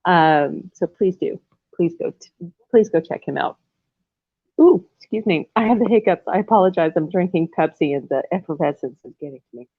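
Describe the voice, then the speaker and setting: A woman's voice: on the low side, a little fast, no room sound. A woman hosting a casual livestream from home, rambling and effusive, often breaking into laughter. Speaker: livestream host. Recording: tinny phone-like sound.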